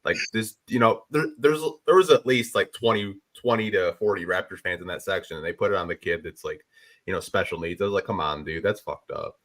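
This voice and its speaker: Man, very low voice, laid-back rambling podcast co-host, casual chat. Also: a little fast, fairly bright tone.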